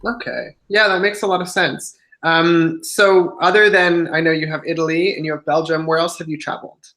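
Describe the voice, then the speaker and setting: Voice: medium pitch, level tone, moderate pace, fairly bright tone. A livestream host who interviews the guest on a video call, listening closely and often saying mm-hmm. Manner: attentive, frequent mm-hmm backchannels.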